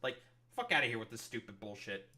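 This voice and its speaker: A man's voice: medium pitch, lively intonation, quick pace, pushed and bright. A man streamer giving angry, profanity-heavy commentary on political clips. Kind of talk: ranting commentary over clips.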